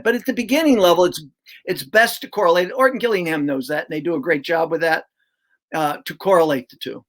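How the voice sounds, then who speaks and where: A man's voice: high-pitched, a bit bright. An older man, a reading coach, explaining his teaching method in an emphatic, conversational way, sounding out syllables aloud as he goes.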